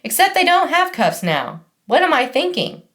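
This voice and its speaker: A woman's voice: high-pitched, very animated, moderate pace, a bit bright, voice pushed up. A woman voicing a proper, formal older grandmother who scolds politely, in an audiobook. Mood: fussing. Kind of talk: audiobook character voice.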